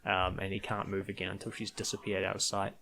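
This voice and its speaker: A man's voice: deep voice, completely flat delivery, fast talker, creaky, bright, forceful tone. A man co-hosting a podcast in casual chat, rambling with frequent restarts and laughing often. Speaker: podcast co-host.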